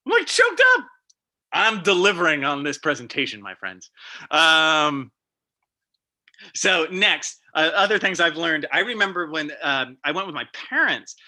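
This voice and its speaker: Brief: middle-aged male presenter, very bright voice, lively and emotional storyteller. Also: fairly high pitch. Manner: animated, emotional storyteller with vivid sound effects. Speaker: guest speaker.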